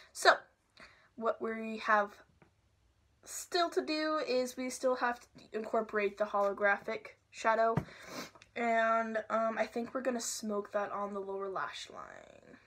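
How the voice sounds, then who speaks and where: A young woman chatting casually and playfully through a makeup tutorial at home, sometimes dropping to soft asides. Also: on the high side. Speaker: makeup vlogger.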